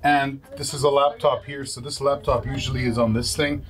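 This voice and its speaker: A man in his thirties, a musician from a Lebanese family, chatting in a relaxed, jokey way in his home studio. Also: medium pitch, brisk, crowd noise. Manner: laid-back, jokey, laughs easily. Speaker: musician, guest. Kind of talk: relaxed casual chat.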